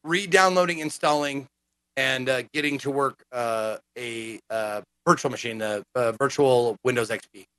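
A man chatting casually as a gaming podcast co-host, animated and profane, acting out quotes as he tells stories. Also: medium pitch, normal speed, clean tone, no room sound. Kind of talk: casual chat.

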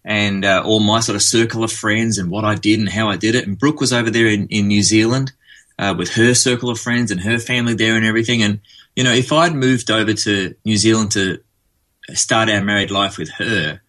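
A man with an Australian accent, a former band bassist, chatting easily as an interview guest and rambling through stories with plenty of fillers. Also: fairly even intonation, a little fast, a bit bright. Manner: easygoing, rambling storyteller with fillers. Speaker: musician guest. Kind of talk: casual interview chat.

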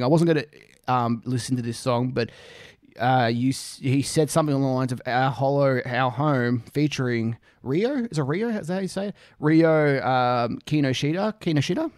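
A man's voice: medium pitch, brisk, no echo, clean studio sound. An Australian man hosting a casual music reaction, rambling, swearing freely and joking at his own expense. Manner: rambling, swears freely, self-deprecating jokes.

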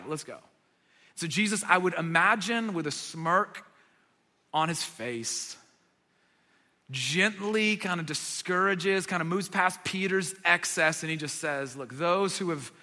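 A man preaching a sermon, retelling a story dramatically and dropping from loud emphasis to near whispers. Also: high-pitched, in a large hall. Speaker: pastor.

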